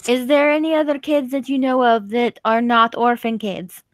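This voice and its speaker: A woman speaks as a player in a tabletop role-playing game, urgent and eager to act. Her voice is a little high and recorded dry and close. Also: level tone, moderate pace, dry recording.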